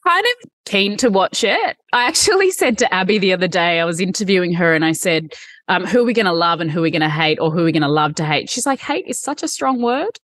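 A woman's voice: lowish voice, fast, fairly bright tone, dry recording, clean studio sound. A woman interviewing a group in a casual, jokey, chatty way. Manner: chatty, jokey, self-deprecating.

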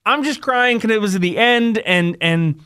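A man's voice: sits high, unhurried, sharp tone, clean tone. A man co-hosting a casual podcast, talking bluntly and emotionally and teasing his partner. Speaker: podcast co-host and radio host.

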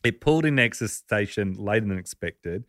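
Low-voiced man telling a story. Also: animated, fairly quick, fairly bright tone, no room sound, studio quality. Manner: chuckling, conversational storyteller. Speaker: podcast host telling a story. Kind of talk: casual storytelling chat.

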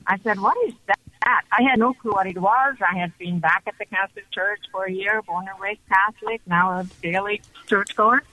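A woman calling in to a radio show, telling her story with excited, animated energy over the telephone. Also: mid-range voice, moderate pace, few pauses. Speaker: caller. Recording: dull phone line.

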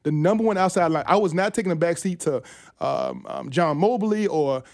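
A man who played linebacker, a guest on sports talk radio, talking in halting bursts with many restarts and fillers. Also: fairly high pitch, very animated, creaky, darkish tone, dry recording, studio quality. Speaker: former NFL linebacker, guest.

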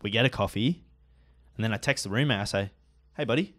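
A man's voice: fairly low pitch, fast talker, fairly bright tone. A young Australian man co-hosting a casual podcast, emphatic and ranting. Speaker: podcast co-host. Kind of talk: casual chat.

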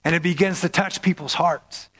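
A man preaching a sermon in a lively way, repeating words and often asking "right?". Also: on the high side, moderate pace. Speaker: pastor. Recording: long reverb of a hall.

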